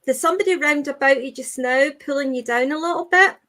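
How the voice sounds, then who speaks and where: High-pitched woman medium, gentle and halting, reassuring tone. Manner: halting, repeats phrases, soothing with "okay, sweetheart". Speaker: medium giving readings. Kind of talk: live online spirit reading.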